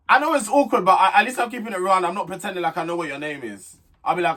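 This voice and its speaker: Chatty man with a higher voice. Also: expressive, very fast, sharp tone. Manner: chatty, blunt and direct, frequent restarts. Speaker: reality TV recap vlogger. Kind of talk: casual review chat to camera.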